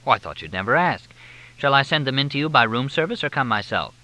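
Man voicing a wisecracking male journalist, glib, deadpan, bright voice, lively pitch, audiobook. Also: fast talker, low-quality recording. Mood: wry.

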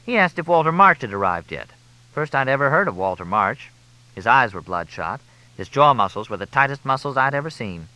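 A man's voice: medium pitch, very animated, fairly quick, pushed and bright, dry recording, voice pushed up, rough recording. A man voicing a big, plain-spoken female masseuse who talks in a chatty, matter-of-fact way. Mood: uneasy.

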